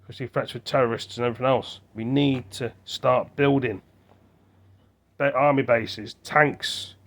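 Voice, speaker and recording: A man's voice: mid-range voice, steady tone, moderate pace, fairly bright tone. Rambling man thinking aloud on his phone. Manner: meandering, thinking aloud with many fillers and restarts. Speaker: vlogger. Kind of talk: rambling casual monologue to camera.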